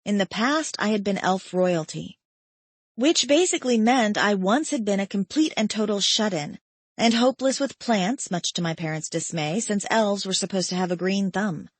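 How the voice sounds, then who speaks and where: A woman narrating a first-person romance audiobook in a soft, reflective, subdued manner. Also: mid-range voice, normal speed, slightly rough, dry recording.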